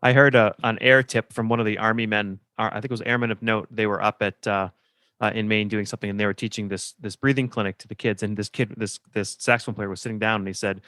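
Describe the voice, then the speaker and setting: Low-voiced man podcast host, dry sound. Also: quick pace, no room sound. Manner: relaxed, chatty, asks questions. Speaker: podcast host, band director. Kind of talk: casual podcast conversation.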